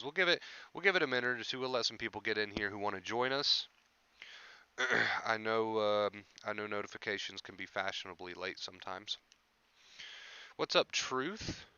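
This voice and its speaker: A man's voice: lowish voice, pushed and bright, clean tone, no echo, muffled recording. A young man coaching on anxiety recovery in a casual live stream, repeating his points and greeting viewers by name.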